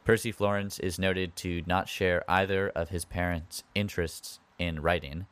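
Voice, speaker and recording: A man's voice: low-pitched, little pitch movement, normal speed, fairly bright tone, clear, resonant tone. A man hosting a podcast, retelling history in a casual way with wry asides and conversational comments. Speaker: podcast host.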